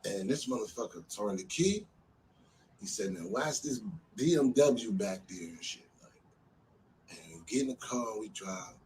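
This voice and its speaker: A man from New Jersey casually telling a street story in a loose, animated way, often filling with "you know what I'm saying.". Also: on the low side, unhurried, far from the mic, slight background noise, rough recording.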